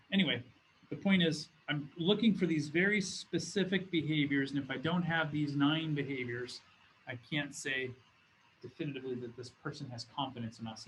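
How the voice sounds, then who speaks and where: A man's voice: mid-range voice, a bit bright, a little hiss or hum, poor audio. A man teaching as a business school professor in a recorded lecture, talking in a conversational way and often restarting his phrases. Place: classroom or studio with a document camera.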